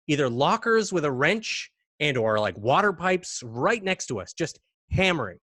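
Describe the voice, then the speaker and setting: A man from Canada, a podcast guest, telling a spooky story in a casual, animated way and acting out bangs and gasps. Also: on the high side, normal speed, no room sound, studio quality.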